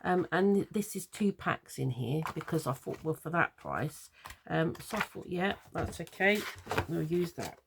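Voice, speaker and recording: Homely English woman crafter, gravelly low voice, chatty, meandering tutorial delivery, faint background hiss. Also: animated, unhurried. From London. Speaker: papercraft tutor. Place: home craft room.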